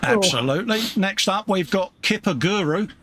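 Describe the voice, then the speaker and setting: A British man hosting a relaxed live stream, chatting casually and calling everyone mate. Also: sits high, normal speed. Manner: chatty, calls people mate. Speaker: host of live modelling stream. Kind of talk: casual chat.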